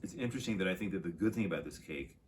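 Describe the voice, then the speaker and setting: Man, low voice, cooking show host, casual tasting chat, halting, repeats words. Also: animated, a little hiss or hum.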